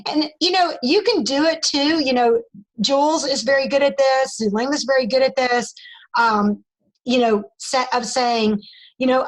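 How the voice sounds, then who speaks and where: A woman's voice: high-pitched, normal speed, low-quality recording. A woman leading a team call, talking in an upbeat, encouraging, rambling way while losing her voice.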